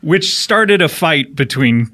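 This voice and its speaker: Lively, rambling man hosting a podcast. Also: a little high, slow pace. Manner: rambling, laughs often, lively delivery. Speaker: podcast host. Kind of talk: casual comedic banter.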